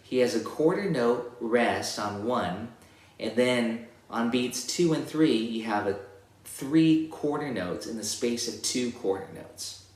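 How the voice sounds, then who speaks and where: A guitar teacher gives a relaxed, casual lesson in a slow, medium-pitched voice, explaining rhythms, counting beats, and singing them as "da, da" syllables between explanations. The room is echoey, and his own guitar playing comes through loudly in the background.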